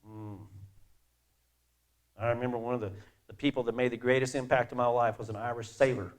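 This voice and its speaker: A middle-aged male pastor preaches a conversational, animated sermon, swinging between loud emphasis and quiet asides, in a mid-range voice.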